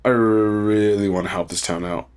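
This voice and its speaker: A young man with a lowish voice co-hosts a casual podcast. He is sick with a cough. He rambles in a relaxed way, leans on "like" and "you know", and laughs often. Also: normal speed, smooth. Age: young adult. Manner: laid-back, rambling, laughs often, says "like" a lot. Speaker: podcast co-host. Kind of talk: casual chat.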